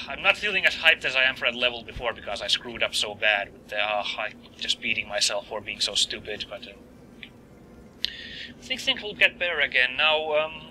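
A man's voice: mid-range voice, slight background noise, poor audio. A man commenting as he plays a video game, joking and talking to his viewers. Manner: joking, lively, talks to viewers. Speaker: let's play host. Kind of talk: gameplay commentary.

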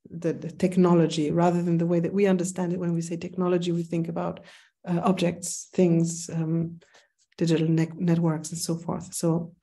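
A woman's voice: fairly low pitch, warm tone, breathy edge. A woman with a German accent giving a philosophy seminar lecture, speaking in a thoughtful, digressive way with frequent ums. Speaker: seminar instructor.

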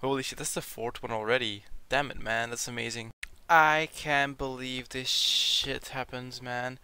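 A young man who is sick, commenting casually over his gameplay, reading out loot drops and swearing when he gets excited. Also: mid-range voice, measured pace, a little hiss or hum. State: sick, sounding a bit off. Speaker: gaming video creator.

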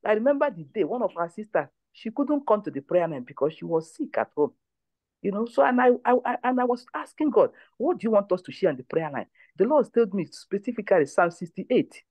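A woman's voice: medium pitch, big pitch swings, fairly quick, darkish tone, no echo. A woman leads a prayer line, giving testimony and exhortation in an emphatic, repetitive way. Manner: emphatic, repeats phrases.

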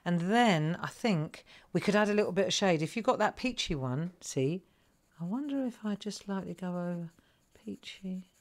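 Low-voiced chatty craft host. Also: female voice, lively intonation, normal speed. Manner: chatty, thinks aloud, asks viewers questions. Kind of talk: live crafting tutorial chat.

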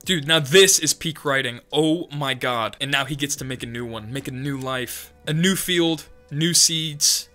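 A man's voice: fairly high pitch, pushed and bright. A young man hosting an anime reaction channel, gushing with frequent exclamations and rambling asides. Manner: effusive, exclaims often, rambling. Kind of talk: excited reaction commentary.

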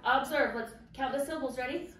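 A woman kindergarten teacher leads a vocabulary lesson with a bright, high voice. She asks slow, patient questions and has the children repeat after her. She is recorded from a distance in a very echoey classroom with faint background noise. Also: crowd noise. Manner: slow, patient questioning with call-and-response prompts.

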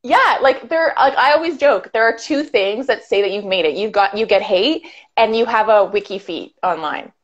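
A woman from Ottawa chats as a guest, fast and loose, filling gaps with "like" and "um". Her voice sits in a middle pitch. The video-call sound is dull and lo-fi. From Canada, Ottawa. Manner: chatty, fast, filler-heavy with frequent "like". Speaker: YouTuber guest. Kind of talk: casual chat.

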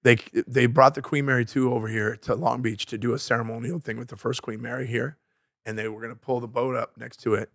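A man co-hosting a casual podcast chat, blunt and animated, swearing freely as he tells stories. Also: mid-range voice, fast, creaky, no echo, clean studio sound. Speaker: podcast co-host. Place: podcast studio.

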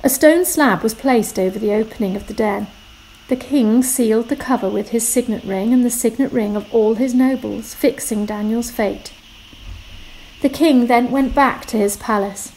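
A woman reading a Bible passage aloud in church, clear and expressive. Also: on the high side, moderate pace, slight background noise, low-quality recording. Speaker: scripture reader.

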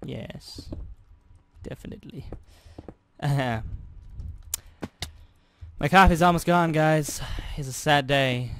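A man's voice: medium pitch, clear, resonant tone. A young man giving casual gameplay commentary as a YouTuber, rambling and joking, talking to himself and counting aloud. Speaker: gaming YouTuber.

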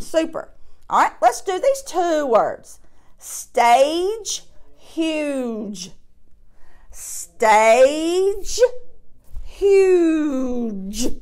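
A woman teaching a phonics lesson to young children, drawing out each sound slowly and patiently, with encouraging praise. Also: high voice. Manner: slow, drawn-out sounding of word parts; encouraging, patient classroom delivery.

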